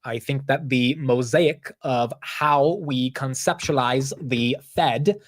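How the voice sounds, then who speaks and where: A man doing an awkward mock-British finance man, slow and self-consciously formal. The put-on British accent slips in and out, with his even middle pitch barely shifting from his own voice. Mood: mock-serious.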